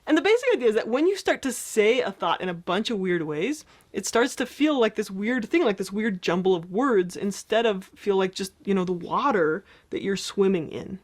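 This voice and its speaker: A woman's voice: mid-range voice, expressive, moderate pace, hardly any pauses. A woman therapist talking casually as she explains thought exercises, often checking in with "right?" along the way.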